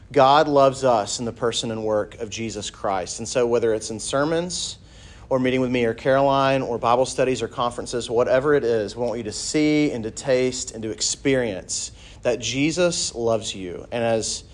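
Casual, storytelling campus minister. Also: male voice, medium pitch. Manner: conversational, animated storytelling with light humor. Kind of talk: sermon.

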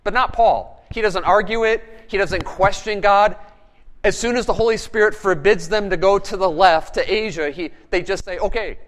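A man preaching a sermon as pastor, animated and firing rhetorical questions at his congregation. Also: high voice, normal speed.

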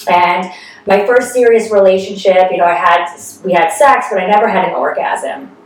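A woman's voice: mid-range voice, moderate pace, very echoey, recorded from a distance, rough recording. A woman in her thirties hosting a podcast, chatting frankly with lots of fillers and restarts. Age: 30s. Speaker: podcast host. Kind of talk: casual candid chat.

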